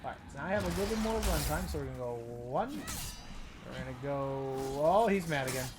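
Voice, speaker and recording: A game streamer does let's-play commentary, chatting casually as he narrates his play with plenty of restarts. His voice is on the high side, expressive and fast, and the recording is very noisy.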